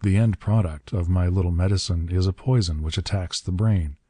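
A man narrating a story in a steady, measured reading. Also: low-pitched, breathy edge, no room sound. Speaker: audiobook narrator. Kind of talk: scripted narration.

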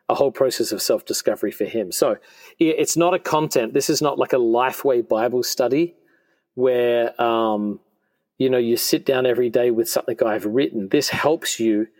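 A man's voice: medium pitch, darkish tone. A man in his forties, a podcast guest, talking in an earnest, heartfelt way. He tells personal stories conversationally, often restarting his sentences. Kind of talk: conversational storytelling. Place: podcast studio.

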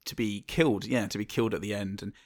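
A man co-hosting a film podcast who rambles in a halting way, restarting his sentences and swearing casually. His voice sits on the low side. The sound is dry and close. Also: steady tone, darkish tone, no echo. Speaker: podcast co-host. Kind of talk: casual film review chat.

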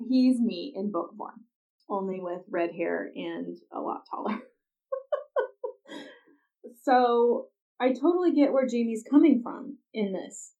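A woman's voice: fairly high pitch, takes it slowly, pauses often, dark tone. Chatty woman on a dull, distant mic. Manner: chatty, exasperated asides. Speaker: podcast host recapping a TV episode. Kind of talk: casual chat. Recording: dull, slightly distant lo-fi recording.

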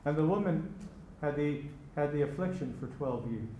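A man preaching a sermon as pastor, slow and emphatic, repeating key phrases. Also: on the high side, animated, dark tone, slight background noise. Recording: echoey room with faint ambience.

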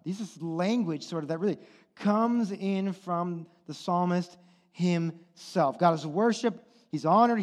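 A male pastor preaching a sermon, swinging from hushed, intimate lines to impassioned, near-shouted exhortations. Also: high-pitched. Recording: long hall reverb.

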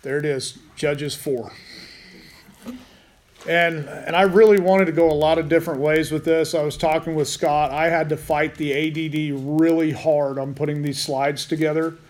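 A man's voice: a little high, steady tone, moderate pace, darkish tone. A man teaching a Bible study in a casual way, with rambling, joking asides.

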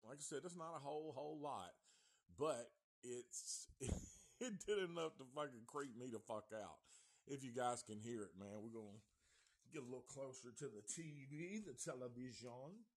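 A man's voice: medium pitch, normal speed. A man giving a rambling, heavily profane review of an old horror film. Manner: profane, rambling, restarts often. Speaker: movie reviewer.

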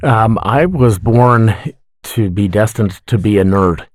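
A man's voice: lowish voice, slow pace, darkish tone, no room sound, clean studio sound. A middle-aged man talking casually as a podcast guest, friendly and self-deprecating, with many ums and restarts. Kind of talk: casual interview talk.

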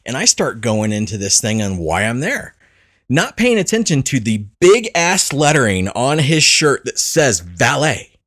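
A man's voice: mid-range voice, sing-song, normal speed, fairly bright tone, no room sound, studio quality. A man hosting a podcast, telling stories in a rambling way and laughing at himself often. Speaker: podcast host. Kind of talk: casual chat.

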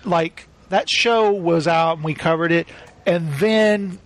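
A man hosting a casual podcast, telling animated stories and slipping into quick voice impressions. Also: on the high side. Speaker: podcast host.

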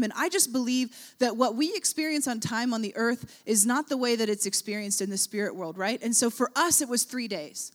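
A woman's voice: on the high side, a little fast, few pauses. A woman preaching a sermon in an earnest, emphatic way, often checking in with rhetorical questions. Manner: earnest, emphatic, with frequent rhetorical "right?" asides.

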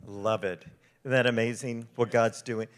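A middle-aged man, a missionary ministry speaker, giving a storytelling sermon with slides in an animated, conversational way. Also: medium pitch, moderate pace.

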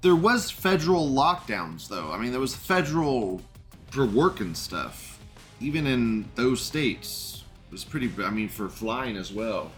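A man's voice: mid-range voice, very animated, a little slow, fairly bright tone, soft background music. A man hosting a live stream, reading chat comments aloud and commenting in a rambling, indignant way, swearing and laughing often.

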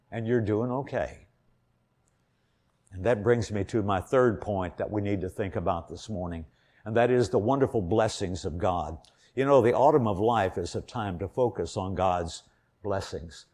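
An older man from Indiana preaching an earnest sermon, telling a personal story and swelling louder on key points. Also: fairly low pitch, moderate pace.

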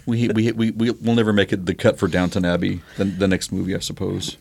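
A man co-hosting a casual podcast, hesitant and halting, then warming into enthusiastic chatter. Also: low-pitched, level tone, vocal fry, breathy edge. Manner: hesitant, many restarts and fillers, then bursts of laughing enthusiasm. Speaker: podcast co-host.

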